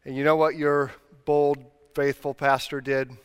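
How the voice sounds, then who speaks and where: A middle-aged male pastor preaching a sermon in a relaxed, conversational storytelling way, laughing at himself as he goes. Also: mid-range voice, measured pace, few pauses, smooth. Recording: long hall reverb.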